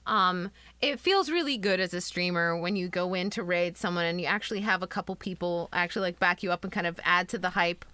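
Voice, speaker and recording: A woman's voice: fairly low pitch, a little fast, hardly any pauses, pushed and bright, clean tone, no echo. A woman streamer who chats, reads a story aloud and greets viewers in a bubbly, giggly, gushing way. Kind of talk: casual stream chat and book reading. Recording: guitar music behind.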